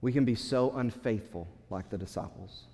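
A man preaching a sermon as pastor, swinging between loud, urgent passages and hushed, quiet ones. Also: on the low side, moderate pace, long reverb tail.

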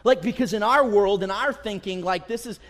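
A man in his thirties preaches to a congregation in a high, slightly bright voice at normal speed. Serving as pastor, he keeps the tone casual and acts out quotes with mounting emphasis, all under the long reverb of a church sanctuary.

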